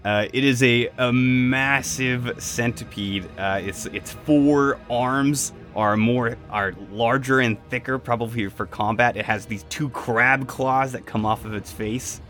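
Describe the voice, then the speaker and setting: A man's voice: medium pitch, fairly even intonation, unhurried, few pauses, a bit bright, soft background music. A man narrating a tabletop game as game master, describing scenes vividly and making sound effects.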